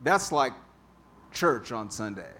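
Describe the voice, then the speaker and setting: Slow-speaking male pastor preaching. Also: mid-range voice, big pitch swings, pushed and bright. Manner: conversational, repeats key phrases for emphasis. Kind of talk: sermon. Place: church sanctuary.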